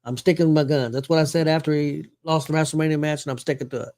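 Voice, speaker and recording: A man's voice: on the high side, fairly even intonation, fast talker, darkish tone. A man hosting a casual sports talk show, rambling with fillers and self-corrections. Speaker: show host.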